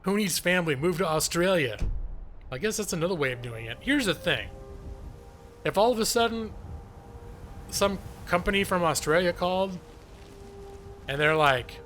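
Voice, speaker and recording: Chatty man streaming a game, slightly high voice. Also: animated, normal speed, pauses often, a bit bright, faint music behind. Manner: chatty, joking, self-deprecating. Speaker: gaming streamer. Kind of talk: live gameplay commentary.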